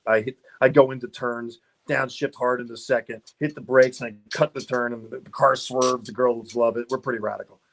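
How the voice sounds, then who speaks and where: A man's voice: mid-range voice, fairly even intonation, a little fast, gravelly, few pauses, fairly bright tone, a little hiss or hum. A middle-aged man, a guest on a car podcast, telling rambling stories in a casual interview, laughing often and restarting his sentences.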